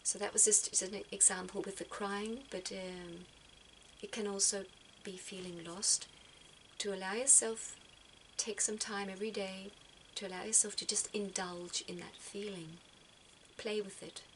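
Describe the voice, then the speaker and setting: A woman speaks gently and reflectively, often repeating words as she gathers her thoughts. Her voice sits in an ordinary middle pitch. A faint noise stays in the background. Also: fairly even intonation, unhurried, poor audio. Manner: soft-spoken, repeats words as she thinks. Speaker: spiritual vlogger giving advice.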